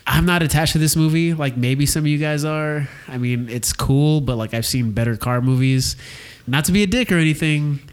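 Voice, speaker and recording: A man's voice: fairly high pitch, moderate pace. Blunt man hosting a movie podcast. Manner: blunt, casual, leads the segments. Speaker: podcast host. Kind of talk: casual movie review chat.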